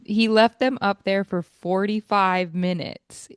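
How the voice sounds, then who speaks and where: A woman's voice: medium pitch, fairly even intonation, slow, clean tone, dry recording, studio quality. A woman co-hosting a casual podcast chat, mocking people with playful impressions and lots of likes. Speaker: podcast co-host.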